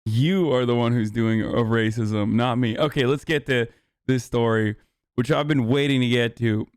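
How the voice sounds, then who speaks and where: Brash, profane streamer, crisp dry voice. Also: male voice, mid-range voice, fairly even intonation, moderate pace, darkish tone, dry recording. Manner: brash, profane, joking asides. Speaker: streamer reacting to clips. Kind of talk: casual live-stream commentary.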